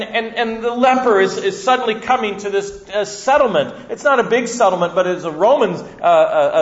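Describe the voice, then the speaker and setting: A man preaching a sermon in a church room, dramatic, swinging from loud to hushed. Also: extremely high pitch, lo-fi sound.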